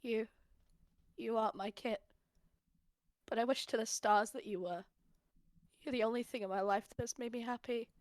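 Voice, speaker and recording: A woman voicing a guilty, tender foster mother cat in a roleplay, speaking softly and haltingly. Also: medium pitch, dry recording, studio quality, close to an everyday voice. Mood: sorrowful. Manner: soft, hushed, halting. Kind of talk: voice-acted roleplay.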